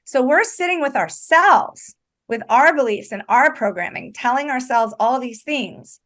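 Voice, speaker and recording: A woman's voice: high voice, measured pace. A woman talking as a recovery coach in an earnest, conversational way, emphatic and often checking in with "right?". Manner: emphatic, animated, repeats "right?".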